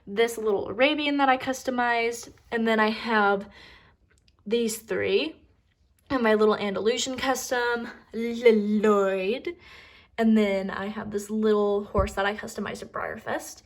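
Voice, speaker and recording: A young woman giving a casual tour of her model horse collection, chatty and upbeat, with occasional stutters and restarts and asides that trail off softly. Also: fairly high pitch, steady tone, moderate pace.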